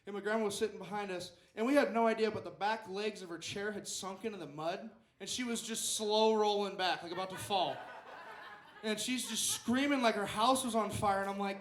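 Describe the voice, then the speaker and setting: A man's voice: high voice, brisk, a bit bright, echoey room. A young man telling a rambling story at an open mic stand-up set, acting out the quotes. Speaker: stand-up comedian. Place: small club stage.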